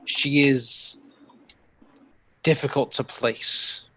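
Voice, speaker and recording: Man doing an ancient spirit creature, slow, solemn, formal speech, tabletop fantasy voice. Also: mid-range voice, fairly even intonation, sharp tone, slightly rough, full character voice.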